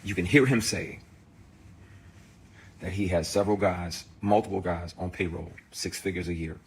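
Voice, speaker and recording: Deep-voiced man in a heated rant. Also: moderate pace, slightly rough. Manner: emphatic, profane, heated storytelling. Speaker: actor. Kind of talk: impassioned direct-to-camera rant.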